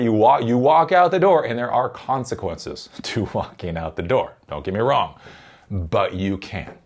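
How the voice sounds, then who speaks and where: A man giving casual vlog commentary, rambling, swearing and laughing often. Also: fairly low pitch. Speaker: tech commentator.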